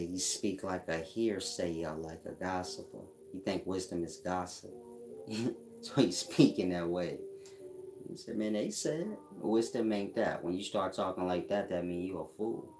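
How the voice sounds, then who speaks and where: Blunt, mocking man with a low voice. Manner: blunt, mocking, laughs at his own jabs. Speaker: livestream host answering chat. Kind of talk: casual livestream talk.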